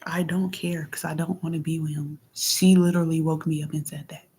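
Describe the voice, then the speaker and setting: A woman venting in a casual monologue into her phone, blunt and heavily profane, moving between heated outbursts and low murmurs. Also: little pitch movement, a little fast, warm tone, breathy edge. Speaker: vlogger.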